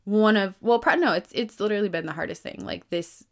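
Chatty, emphatic woman around thirty. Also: a little fast. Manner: chatty, lots of "like", swears freely, emphatic swings in pitch and loudness. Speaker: podcast host. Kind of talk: casual self-help monologue.

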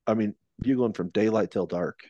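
Low-voiced man telling a hunting story. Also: moderate pace, mellow, dry recording, lo-fi sound. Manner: rambling, many restarts and fillers. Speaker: podcast guest, elk hunter. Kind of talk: casual storytelling.

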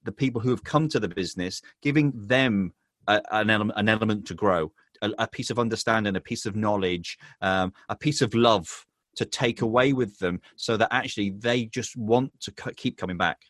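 A man's voice: fairly low pitch, a bit bright, dry recording, clean studio sound. A man from England with an English accent, a business owner talking earnestly as an interview guest, often restarting his sentences. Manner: halting, many restarts and "um"s, earnest. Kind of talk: casual interview chat.

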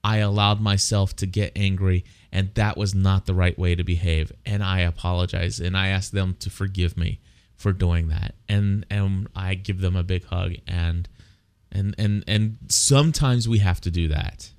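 A man's voice: deep voice, steady tone, moderate pace, a little mellow, clean tone. A middle-aged man, co-host of a faith-based parenting talk show, telling his own parenting stories in an earnest, confessional way.

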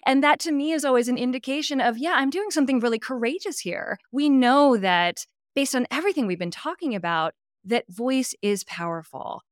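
A woman from California, a voice coach talking in a podcast interview, expressive and emphatic, often adding "right?" asides. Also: high voice, a little fast, dry recording, clean studio sound.

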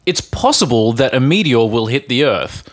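A man's voice: medium pitch, sing-song, moderate pace. A man co-hosting a casual teaching chat, agreeing often and giving careful word definitions. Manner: agreeable, short back-channel replies, careful definitions. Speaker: podcast co-host, English teacher. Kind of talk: casual chat with vocabulary explanations.

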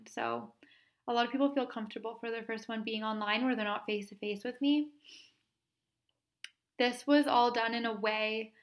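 A woman hosting a podcast, tearful and sniffling as she earnestly tells a story, laughing softly between phrases. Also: fairly high pitch. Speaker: podcast host and Reiki practitioner. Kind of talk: casual solo podcast storytelling.

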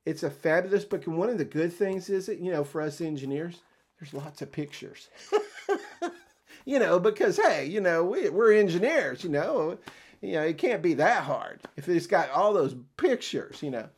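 An older man hosting a career podcast, telling a story in a casual, animated way, acting out quoted conversations and chuckling often. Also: high-pitched, moderate pace. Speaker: podcast host and career coach.

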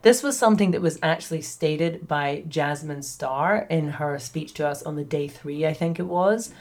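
A woman's voice: deep voice, moderate pace, a little mellow. A woman hosting a podcast, telling a personal story in a candid, chatty way with plenty of asides. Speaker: podcast host.

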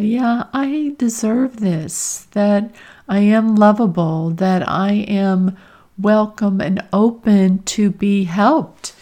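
Slow, earnest middle-aged woman coach. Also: mid-range voice, dark tone. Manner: slow, earnest and heartfelt, with emotional emphasis. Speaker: podcast host and career coach. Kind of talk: reflective personal monologue.

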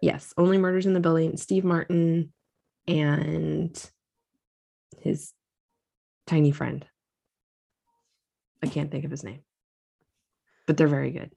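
A woman's voice: low-pitched, steady tone, slow, gravelly, pauses often, warm tone, slightly rough. A woman co-hosting a casual chat podcast, talking enthusiastically and repeating herself. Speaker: podcast co-host.

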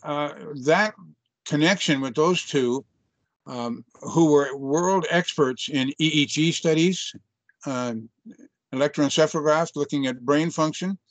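A man's voice: a little high, measured pace, no echo. An older man, a chiropractor, telling a story in an interview in an earnest, reflective way, often restarting his sentences. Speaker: chiropractor guest.

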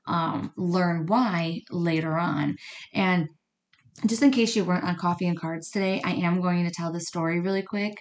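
Her voice fairly low, with a little hiss or hum in the background, a medium and card reader talks through a chatty podcast monologue. She keeps it conversational, frequently asking listeners "right?" and "you know what I mean".

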